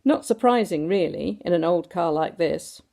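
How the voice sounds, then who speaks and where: A woman's voice: lowish voice, expressive, normal speed, gravelly, dark tone. Woman doing a plain-spoken garage mechanic. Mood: matter-of-fact. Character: matter-of-fact male garage mechanic.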